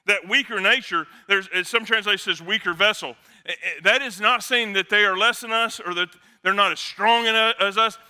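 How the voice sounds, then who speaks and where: Bright, high-voiced joking male preacher. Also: clear, resonant tone. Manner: joking, conversational preaching with quick asides. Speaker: pastor. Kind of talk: sermon.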